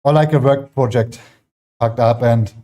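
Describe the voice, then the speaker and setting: A man's voice: mid-range voice, fairly even intonation, a little slow, warm tone. German man chatting casually in home gym. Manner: rambling, many fillers, chatting with viewers between sets. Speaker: fitness livestreamer. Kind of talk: casual chat while working out.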